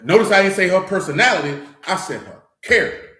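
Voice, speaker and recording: With a high, expressive voice that is pushed and bright, a man speaks quickly in a reverberant room. He is a scripture study assembly teacher giving a blunt, loose, streetwise lesson, chatting conversationally and repeatedly asking "you know what I'm saying."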